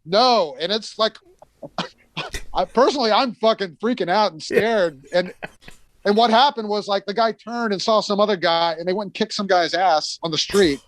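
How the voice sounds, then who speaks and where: A man's voice: sits high, normal speed, no echo. A middle-aged American man telling rambling tour stories in a casual chat, full of fillers and restarts, sometimes acting out the people he quotes.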